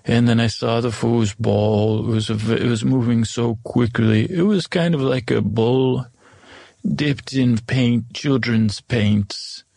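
A man's voice: medium pitch, fairly even intonation, slow, creaky, mellow, dry recording. A man playing a fantasy adventurer in an improvised comedy podcast, who keeps drifting off the point and restarting sentences. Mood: rambling. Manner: digressive, loses the thread, many restarts. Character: rambling, easily sidetracked fantasy adventurer recounting a quest. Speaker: improv performer. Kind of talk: improvised comedic storytelling in character.

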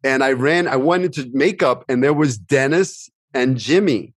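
A man hosting a casual interview, chatting and telling his own quick anecdotes, often saying "you know". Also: mid-range voice, expressive, breathy edge, dry recording, studio quality. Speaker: interviewer and actor.

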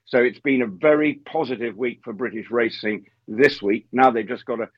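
A man's voice: mid-range voice, moderate pace, husky, dry recording, highs cut off. A man giving earnest, emphatic opinions as a horse racing pundit on radio. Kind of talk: radio interview commentary.

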